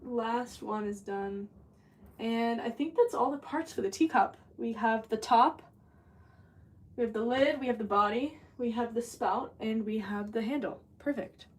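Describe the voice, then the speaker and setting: A woman's voice: fairly high pitch, a little slow. Chatty woman potter, distant mic. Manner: chatty, scattered, talks to chat while working. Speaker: ceramic artist livestreaming. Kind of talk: casual livestream chat while working. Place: pottery studio. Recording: distant mic with clear background noise.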